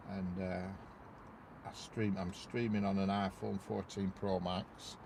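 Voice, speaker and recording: A man from the north of England with a low, gravelly voice talks to his viewers from inside a parked car. He rambles in an easy, chatty way and greets people by name. A faint hum of vehicle noise sits behind him. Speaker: railway livestreamer. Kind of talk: casual live-stream chat. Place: parked car near a railway bridge. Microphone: wireless clip-on mic inside car.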